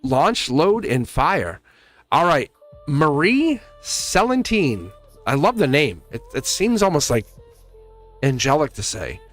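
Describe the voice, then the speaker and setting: A man reading tarot live for his viewers, his pitch moving all over the place as he talks. He keeps it loose and chatty and laughs a lot. Soft music plays faintly behind him. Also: very animated, unhurried. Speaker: tarot reader.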